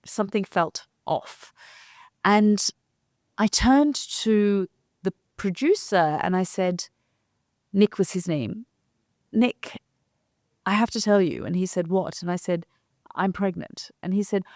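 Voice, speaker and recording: Speaking slowly in a medium-pitched, darkish voice, a journalist from London co-hosts a conversation show and relates a reporting trip, vividly acting out what the people she met said. The studio recording is clean, with no room sound.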